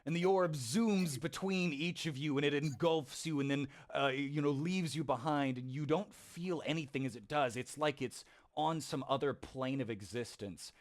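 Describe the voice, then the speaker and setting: A man's voice: on the high side, normal speed, few pauses. Man narrating as game master. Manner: playful, laughing, with frequent restarts.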